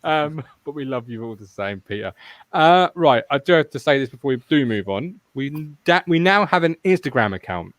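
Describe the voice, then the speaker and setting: A man's voice: mid-range voice, lively intonation, moderate pace, a bit bright, no echo. A man hosting a casual football fan podcast, rambling and swearing freely as he chats. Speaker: podcast host.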